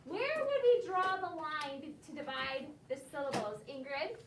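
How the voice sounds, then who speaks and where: A woman teaches a second grade phonics lesson, patiently prompting the class with questions and cues. Her voice sits high with lively intonation and an unhurried pace, picked up by a far camera in an echoey classroom with room noise.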